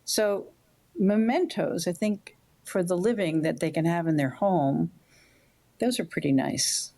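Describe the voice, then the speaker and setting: An older woman, a guest author on a podcast interview, talking in a warm, roundabout storytelling way. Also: on the low side, unhurried.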